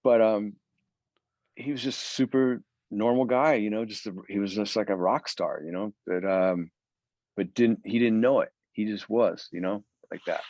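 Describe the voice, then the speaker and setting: A man's voice: fairly low pitch, normal speed, dry recording. Man telling rambling stories, restarts a lot, dry lo-fi sound. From Philadelphia area, USA. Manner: rambling, animated storyteller with many restarts. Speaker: guest guitarist. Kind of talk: storytelling interview chat.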